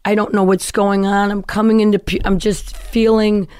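A woman guest in a casual interview, telling her life story in an animated way and acting out other people's voices. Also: mid-range voice, normal speed, clean tone, dry recording. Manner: animated, acts out quoted voices.

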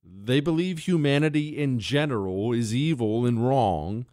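A man giving a political commentary monologue in an animated way, acting out little scenes as he goes. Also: a little slow, no room sound, clean studio sound. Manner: animated, swings pitch for emphasis, acts out little scenes.

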